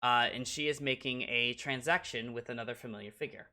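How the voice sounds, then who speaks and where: Halting game master with a bright tone. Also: medium pitch, fairly even intonation. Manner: halting, full of ums and uhs. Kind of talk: narrating a tabletop game.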